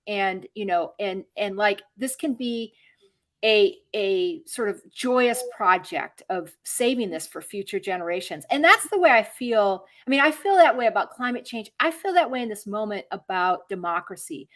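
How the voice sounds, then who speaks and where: A woman's voice: medium pitch, expressive, moderate pace. A middle-aged woman from Michigan hosting a political podcast, talking earnestly and rambling with lots of fillers and restarts. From Michigan, USA. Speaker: podcast host. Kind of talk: casual political podcast chat.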